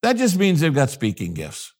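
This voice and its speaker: A man's voice: fairly high pitch, huge pitch swings, normal speed, a little mellow. An older man, a pastor from the United States, talking in an interview in an emphatic, preacherly way and repeating his key phrases. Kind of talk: interview conversation.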